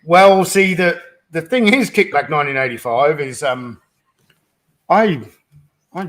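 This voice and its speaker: A man's voice: fairly high pitch, animated, measured pace, fairly bright tone. A man hosting a casual live Q&A, reading out viewer questions and joking at his own expense. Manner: self-deprecating, joking.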